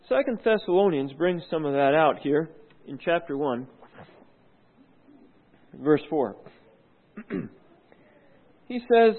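High-voiced male preacher on a tinny line. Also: lively intonation, slow pace, pauses often. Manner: conversational, asks rhetorical questions; clears throat often. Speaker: pastor. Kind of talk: sermon. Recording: tinny phone-like sound.

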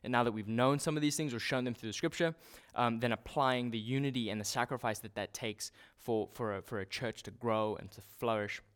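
A man preaching a sermon in a relaxed, conversational way, often restarting and using fillers. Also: mid-range voice, fairly quick, hardly any pauses, smooth.

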